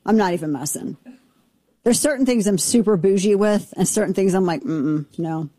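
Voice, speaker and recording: Sarcastic lady talk host ranting away, mellow darkish voice, dry close sound. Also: mid-range voice, expressive, no room sound. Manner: brash, sarcastic, fast riffing. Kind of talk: opinionated political talk.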